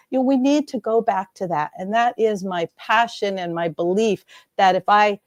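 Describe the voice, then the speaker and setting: A middle-aged woman guest who talks fast and bubbly, laughing often as she tells stories in a lively interview chat. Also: medium pitch, no echo, clean studio sound. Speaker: guest speaker.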